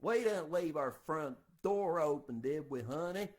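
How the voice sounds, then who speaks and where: Woman putting on a booming deep papa bear. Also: expressive, a little slow, a little mellow. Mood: indignant. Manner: booming, indignant. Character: gruff big father bear, protective.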